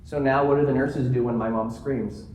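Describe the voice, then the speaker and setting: A man giving a keynote talk to a live audience, telling stories in an animated way and joking along the way. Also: mid-range voice, normal speed, a little hiss or hum. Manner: animated storytelling with jokes. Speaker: keynote speaker. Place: conference room. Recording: roomy conference room sound.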